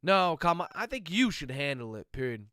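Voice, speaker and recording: A man's voice: a little high, very animated, normal speed, a bit bright, smooth, dry recording, clean studio sound. A man voicing a determined detective who speaks firmly and insistently.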